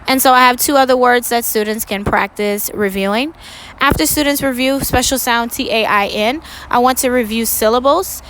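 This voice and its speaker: A woman teaching first grade, giving a recorded lesson for parents and students in a slow, clear and instructive way, stressing words for young pupils. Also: fairly high pitch, fairly bright tone, a little hiss or hum, rough recording.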